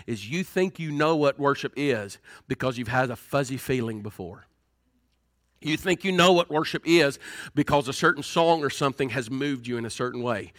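A preacher with a high, ringing, bright voice. He delivers his sermon in a folksy, joking style and drops asides to the congregation. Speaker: pastor.

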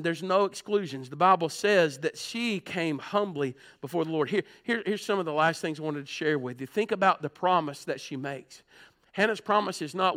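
A man pastor, preaching a sermon from a church pulpit. He tells stories earnestly and swings between loud and hushed. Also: a little high.

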